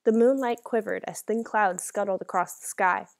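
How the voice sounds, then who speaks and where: A woman's voice: medium pitch, moderate pace. A woman narrating a first-person novel as an audiobook, reading in a dramatic, emotional way.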